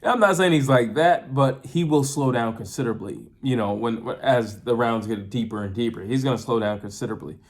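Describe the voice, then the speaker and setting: A man's voice: mid-range voice, fairly quick, hardly any pauses. A man giving a casual boxing fight breakdown, chatty, with frequent fillers and restarts. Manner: chatty, repeats and restarts often, uses filler like "you know". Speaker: boxing commentator.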